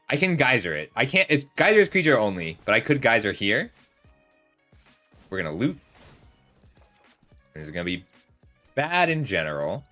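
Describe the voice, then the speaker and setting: Thirties male streamer, bright tone, chatty and rambling, faint music behind. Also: mid-range voice. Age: 30s. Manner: rambling, chatty, talks to chat while playing. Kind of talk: casual gameplay commentary with storytelling.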